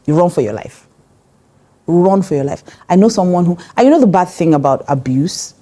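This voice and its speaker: A woman's voice: fairly low pitch, lively intonation, normal speed, dark tone. A middle-aged woman pastor with a Nigerian English accent giving a conversational marriage teaching, direct and emphatic, laughing often.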